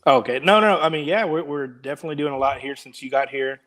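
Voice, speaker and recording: A man's voice: on the high side, fast, fairly bright tone. A man and branch manager giving an easygoing work update on a video call, laughing easily and using many fillers. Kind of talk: casual chat over video call.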